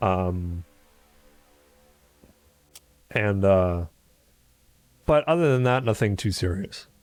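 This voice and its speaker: A man's voice: low voice, expressive, slow pace, a little mellow, no echo. A man running a tabletop game, describing scenes in a loose way with lots of fillers. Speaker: game master. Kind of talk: casual tabletop narration.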